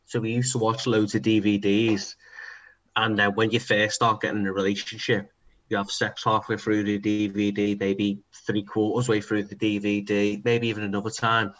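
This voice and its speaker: Bright-voiced man, animated and sweary. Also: lowish voice, moderate pace, dull audio. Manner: animated storytelling, swears freely. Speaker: podcast co-host. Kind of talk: casual chat.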